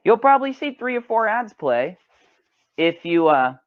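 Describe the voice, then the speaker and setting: A man's voice: sits high, big pitch swings, moderate pace, no echo. A man live-streaming from home, chatting casually and rambling, swearing freely and talking to his cat between remarks. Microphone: desk microphone. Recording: dull lo-fi dry home mic.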